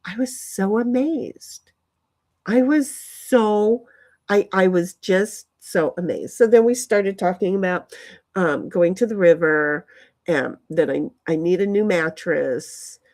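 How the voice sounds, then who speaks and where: A woman vlogging outdoors on a phone, chatting in a meandering way with many restarts and sudden excited leaps in her voice. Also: medium pitch, slow. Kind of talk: rambling casual monologue. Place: outdoors in a yard.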